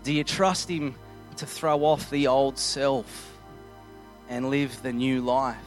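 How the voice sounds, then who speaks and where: Earnest man preaching over soft music. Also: mid-range voice, fairly even intonation, takes it slowly, poor audio. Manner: earnest, conversational, acts out little scenes. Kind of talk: sermon.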